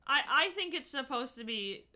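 Bright-voiced young woman, chatty. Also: sits high, lively intonation, normal speed. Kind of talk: casual fan chat.

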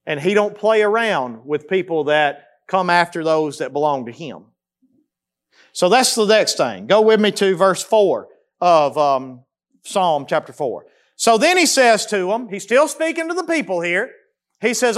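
A man, preaching a sermon as pastor, swinging between loud emphasis and quiet, slow repetition. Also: high voice, big pitch swings.

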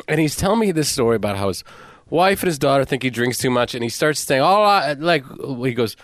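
A man casually telling a story as a podcast co-host, relaxed and easygoing. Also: medium pitch, quick pace, no room sound, clean studio sound. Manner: relaxed, easygoing, uses fillers.

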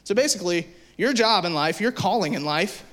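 A man preaching to kids in a casual, animated way, filling his talk with "like" and acting out little voices. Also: high-pitched, fairly quick. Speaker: youth pastor. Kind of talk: youth sermon.

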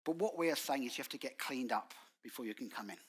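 A man preaching a lively sermon in church, telling stories with acted-out quotes and colloquial British phrasing. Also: mid-range voice, quick pace. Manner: animated storytelling with acted quotes. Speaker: guest preacher.

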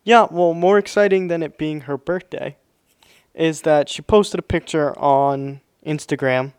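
A man's voice: on the high side, measured pace, smooth. A young man co-hosting a podcast, chatting casually and rambling with lots of hedges and fillers. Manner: rambling, hedging, with many fillers. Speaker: podcast co-host. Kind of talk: casual chat.

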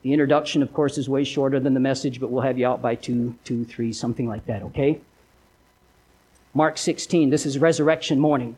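Pastor guy preaching, mid-pitched voice, tells the story big then drops way down quiet, talks straight to the congregation. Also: steady tone, fairly quick, breathy edge. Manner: dramatic storytelling, swinging from loud emphasis to hushed low lines. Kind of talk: sermon.

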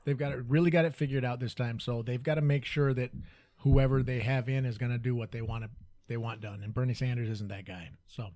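A man with a mid-range voice lays out a conspiracy theory in an easy, musing way, stopping now and then to clear his throat. The sound is dry and close. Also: medium pitch, steady tone, fairly quick, warm tone, no room sound. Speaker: guest panelist. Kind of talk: casual political chat.

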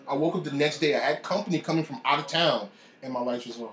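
A man's voice: on the high side, quick pace, fairly bright tone, a little hiss or hum. A man casually telling a personal faith story. He talks with animation and acts out the voices of people he quotes. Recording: echoey room.

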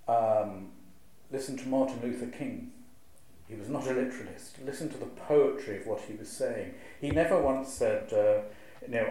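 A man, a clergyman, giving a lively, wry lecture to a live audience and reciting verse with a strong rhythm. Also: mid-range voice, moderate pace. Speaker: clergyman giving a talk on preaching. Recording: very echoey hall, faint ambience.

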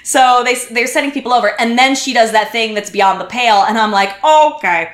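In a roomy, echoing recording, a woman podcast guest narrates a story in casual chat. Her voice is a little high and fairly quick, and she animatedly acts out what others said.

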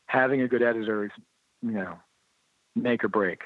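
A man being interviewed about his motorcycle writing, telling lively anecdotes in a casual way and acting out the dialogue he quotes. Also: lowish voice, moderate pace, dry recording. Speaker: interview guest, motorcycle writer and blogger. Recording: tinny phone-like line, dry.

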